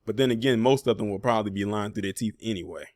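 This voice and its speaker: A man's voice: lowish voice, fast talker, a little mellow, dry recording. A man hosting a reaction commentary video, talking casually and pointedly, with sarcastic asides and frequent fillers.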